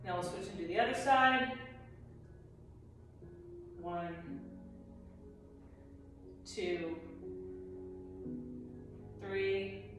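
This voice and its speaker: A woman fitness instructor calmly guiding a workout, counting reps and cueing breaths. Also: mid-range voice, very slow, pauses often. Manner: calm counting, cues breathing. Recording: roomy echo, distant mic, music behind.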